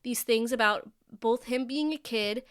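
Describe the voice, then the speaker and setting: Young woman podcast co-host, high-ish and smooth, casual and rambly. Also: a little slow. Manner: chatty, lots of "like" fillers, thinking aloud. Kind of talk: casual chat.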